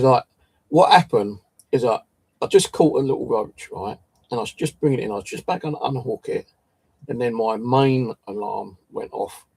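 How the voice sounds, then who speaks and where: Gravelly man rambling casually. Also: mid-range voice, warm tone, dry recording. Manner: swears a lot, restarts and stumbles. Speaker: channel host.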